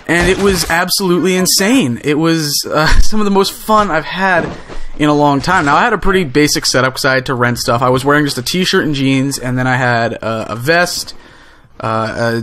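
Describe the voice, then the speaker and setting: A young man casually recounting a story with excited energy, rambling with lots of fillers and restarts. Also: on the high side. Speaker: gaming channel host.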